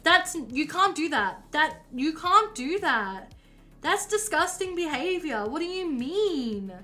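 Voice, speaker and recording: Chatty high-voiced woman streamer. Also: sing-song, slow pace, sharp tone, soft background music. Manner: chatty, rambling storyteller with many fillers. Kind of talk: casual storytelling on a live stream. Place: indoors at home while painting.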